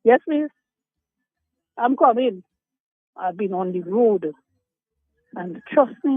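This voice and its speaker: A woman's voice: medium pitch, animated, slow, pauses often, dry recording. Older woman, emotional and aggrieved, tinny dry phone line. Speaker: radio caller. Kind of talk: call-in complaint. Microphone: telephone.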